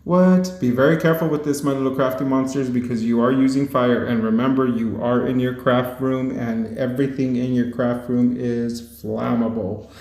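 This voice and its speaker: A man's voice: mid-range voice, little pitch movement, normal speed, hardly any pauses, darkish tone. Chatty guy doing a craft tutorial voiceover, laughs a lot, kinda echoey room. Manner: playful and chatty, laughs often. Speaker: crafting channel host. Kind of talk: casual craft tutorial voice-over.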